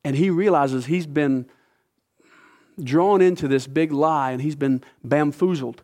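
A man preaching a sermon, retelling a scripture story with lively asides. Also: fairly high pitch, unhurried. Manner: animated storytelling, acting out characters. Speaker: pastor.

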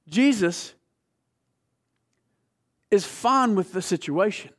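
Impassioned high-voiced male preacher. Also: lively intonation, measured pace. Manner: passionate, swings between hushed and loud; conversational, asks the audience questions. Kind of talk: sermon.

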